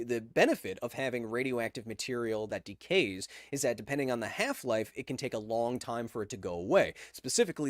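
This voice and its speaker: A man's voice: mid-range voice, no echo. Chatty male livestream host, dry close sound. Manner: chatty, jokey, reads viewer messages aloud. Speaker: podcast host reading live chat. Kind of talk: casual livestream chat.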